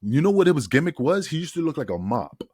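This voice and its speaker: A man, a guest on a podcast, telling a long story in a casual, animated way, laughing and swearing as he goes. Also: fairly high pitch, quick pace, slightly rough, no echo, clean studio sound. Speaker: guest, former wrestler. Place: podcast studio.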